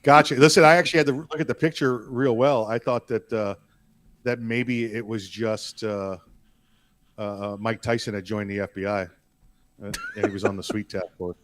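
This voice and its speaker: A man's voice: fairly low pitch, steady tone, normal speed, a bit bright, no echo. Man, co-host, casual banter, wisecracking, dry close sound. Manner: joking, wisecracking. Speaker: podcast co-host.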